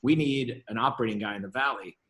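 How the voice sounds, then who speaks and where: Man, fifties, venture capitalist guest, interview storytelling, middle pitch, acts out quoted dialogue, restarts sentences. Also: fast, fairly bright tone.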